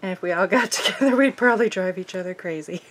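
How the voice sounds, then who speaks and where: A woman hosting a crafting video, chatting casually and thinking aloud, bubbly and easily excited. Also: on the low side, fast.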